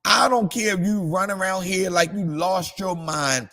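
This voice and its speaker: Pastor guy doing a morning devotional, kinda high voice, gets fired up. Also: measured pace, soft background music. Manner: preachy, shifts between calm reading and excited high exclamations.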